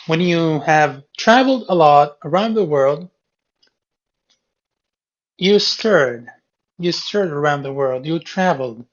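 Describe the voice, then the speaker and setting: A man's voice: fairly high pitch, expressive, slow, pauses often. A man teaching a class and going over a reading quiz. He explains each question step by step and repeats key words patiently. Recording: dull lo-fi classroom recording.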